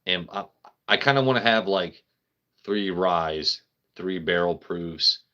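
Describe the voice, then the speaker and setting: A man's voice: low-pitched, slow pace, sharp tone, highs cut off. A man hosting a casual live stream, rambling, joking with his chat and swearing freely. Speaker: livestream host.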